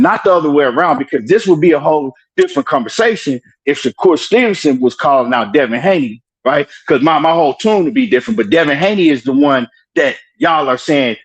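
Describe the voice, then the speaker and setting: A man's voice: fairly high pitch, lively intonation, brisk, breathy edge, low-quality recording. A man debating on a live stream, talking through an earbud and pressing his point with repeated questions and "right?".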